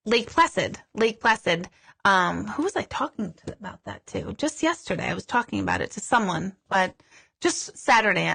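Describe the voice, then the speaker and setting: A middle-aged woman, a psychic medium, chatting casually in a live Q&A and telling stories with lively quoted asides. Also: medium pitch.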